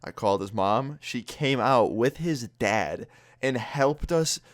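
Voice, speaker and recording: A man's voice: medium pitch, expressive, slow, no room sound. A young man recounting a prank story in a casual vlog, laid-back, swearing freely and laughing as he goes. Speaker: YouTuber.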